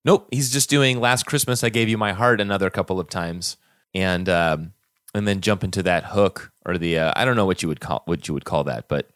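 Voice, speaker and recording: A man hosting a casual podcast chat, talking in a halting way with many fillers and restarts. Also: low-pitched, a bit bright, smooth, no echo, studio quality.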